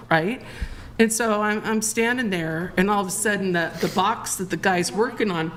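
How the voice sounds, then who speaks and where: A woman guest on a live talk show, telling a long story in an excitable, rambling way, restarting her sentences. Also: fairly low pitch, brisk, slight background noise.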